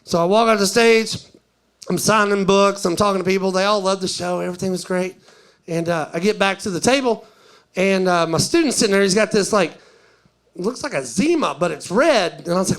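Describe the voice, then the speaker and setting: A male stand-up comedian telling a story live, chatty and animated, acting out the dialogue. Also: high-pitched, brisk.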